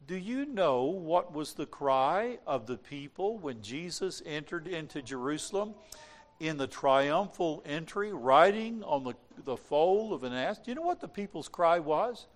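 Man preaching, slightly high voice, hushed then loudly crying out. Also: lively intonation, measured pace. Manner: dramatic swings from hushed to loud cries. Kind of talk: sermon.

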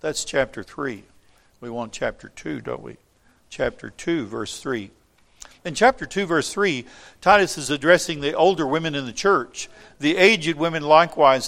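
A man's voice: on the high side, normal speed, vocal fry, fairly bright tone. A man preaching a sermon, reading scripture aloud and explaining it with wry asides to the congregation.

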